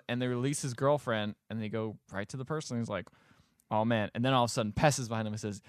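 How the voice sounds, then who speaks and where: Male podcast co-host, mid-pitched, dry close mic, sardonic plot recap. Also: fairly even intonation, fast, clear, resonant tone, dry recording. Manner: sarcastic, exasperated retelling with profanity. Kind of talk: casual chat.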